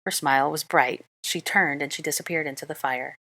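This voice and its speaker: A woman narrating a fan fiction story aloud in a calm, measured reading voice. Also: deep voice. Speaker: reader.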